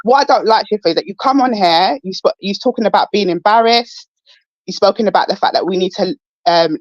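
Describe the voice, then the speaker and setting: A woman calls into a heated live podcast panel debate, pushing back as she argues her side, halting, restarting and repeating words. Her medium-pitched voice is recorded dry and muffled.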